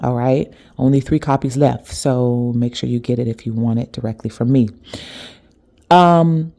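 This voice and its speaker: A woman's voice: very deep voice, warm tone. A woman speaking as a spiritual author in a motivational monologue, talking straight to her listeners and building to emphatic peaks.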